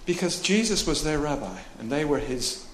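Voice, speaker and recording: Male preacher, lively jokey sermon, fairly high voice, roomy hall sound. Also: normal speed, a little hiss or hum. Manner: jokey, chatty, laughs while preaching, acts out voices. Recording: echoey room with faint ambience.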